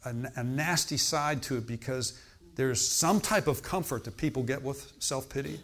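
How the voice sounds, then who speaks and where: A man's voice: mid-range voice, moderate pace, fairly bright tone. A male preacher delivering a sermon in a mid-range voice. He talks to the congregation as if in conversation, asks them questions and breaks into emphatic exclamations.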